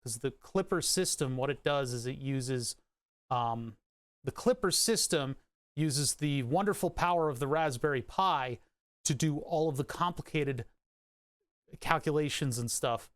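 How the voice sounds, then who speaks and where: Streaming live, this man meanders through talk about electronics, cursing casually and interrupting himself with frequent restarts and hiccups. His mid-range voice runs a little slow, and the recording is dry and studio quality.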